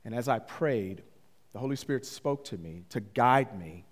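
A middle-aged man pastor telling a story in a sermon, animated and often climbing high when he retells conversations. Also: brisk. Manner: animated, rising to excited high-pitched retellings. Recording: long hall reverb.

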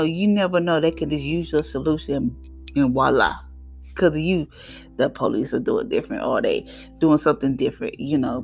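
A middle-aged woman hosting her own podcast, giving an emphatic, faith-based motivational talk with animated, preachy delivery. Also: sits low, gravelly. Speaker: podcast host.

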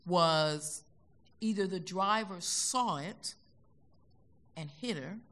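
An older American woman telling stories as a guest in an onstage conversation, animated and acting out the voices she quotes. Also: fairly low pitch, slow pace. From United States. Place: concert hall stage.

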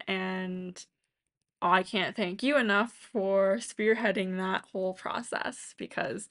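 A woman's voice: mid-range voice, fairly bright tone. A young woman co-hosting a podcast in casual, rambling chat full of fillers. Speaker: podcast co-host.

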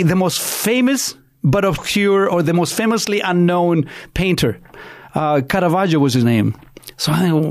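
Eager man hosting, fairly high voice. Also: dry recording, studio quality. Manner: enthusiastic, halting, with many fillers and restarts. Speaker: podcast host. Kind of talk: casual interview hosting.

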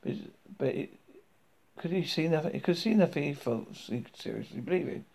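A man reads a comic story aloud, stumbling over words and correcting himself along the way. His voice is a little higher than most men's and has a gravelly texture, and his pitch moves in a lively way. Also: fairly quick. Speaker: reader. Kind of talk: informal storybook reading.

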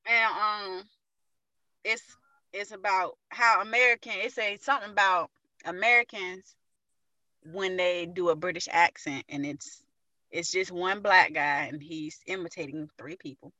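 Woman, casual podcast chat, bright tone, swearing, animated storytelling. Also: lowish voice, measured pace, no room sound. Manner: profane, laughing, animated retelling. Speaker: podcast co-host.

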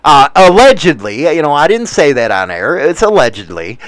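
Male host, rambling and crude, with a lively, swinging pitch and a smooth, clear tone. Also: normal speed, dry recording. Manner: rambling, profane, wisecracking. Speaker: show host reading the news. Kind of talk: casual live show chat.

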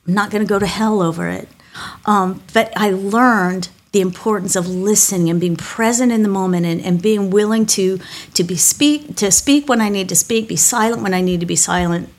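A woman's voice: mid-range voice, creaky. A middle-aged woman pastor giving a devotional talk, telling personal stories in a candid, self-deprecating way with small restarts.

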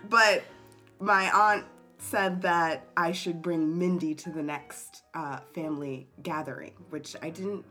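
A woman speaking as a guest in a casual podcast chat, blunt and quick to laugh. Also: lowish voice, steady tone, pushed and bright, faint music behind. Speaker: actress, guest.

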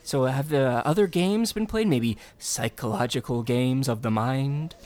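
A man's voice: medium pitch, a little slow, darkish tone. A man asking earnest, leading interview questions and narrating in a mock-serious tone with dry humor.

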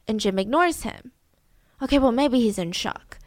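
Animated woman telling a true story. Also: a little high, moderate pace, no echo, studio quality. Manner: animated, acts out voices. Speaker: podcast host. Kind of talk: storytelling true-crime narration.

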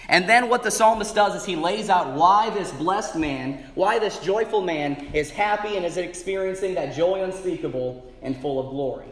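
A high-voiced man preaching a sermon, pressing his points and repeating them for emphasis. His voice rings through a church sanctuary with a long, echoing reverb. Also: moderate pace, few pauses, a bit bright. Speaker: pastor. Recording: echoey church hall.

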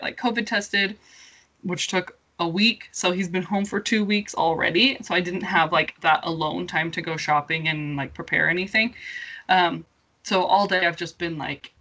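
A woman's voice: on the low side, sharp tone. A woman in her thirties chatting casually as a podcast co-host, telling a rambling story full of fillers and laughing as she goes. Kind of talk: casual chat.

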